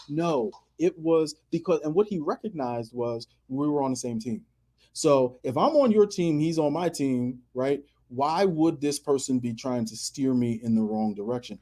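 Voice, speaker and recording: Emphatic husky-voiced male host. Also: medium pitch, warm tone. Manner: emphatic, repeats phrases, acts out quoted people. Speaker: podcast host. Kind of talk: motivational radio talk.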